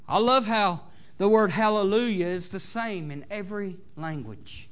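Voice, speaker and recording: High-voiced Southern preacher. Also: male voice, moderate pace, clear, resonant tone. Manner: preachy, rising and falling between loud exhortation and soft asides, many "amens". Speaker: pastor. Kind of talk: sermon. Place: church sanctuary.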